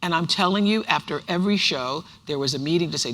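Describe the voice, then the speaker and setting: A woman's voice: low voice, quick pace, a bit bright, a little hiss or hum. An older woman from the United States, an author speaking on stage in a large university auditorium, telling stories with emphatic repetition. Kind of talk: onstage conversation. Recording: reverberant hall sound.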